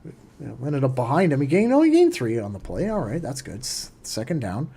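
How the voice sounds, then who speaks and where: A man hosting a live watchalong stream, giving casual play-by-play commentary as an excitable fan who swings between quiet muttering and loud cheering. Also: mid-range voice, brisk, vocal fry, breathy edge. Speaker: livestream watchalong host.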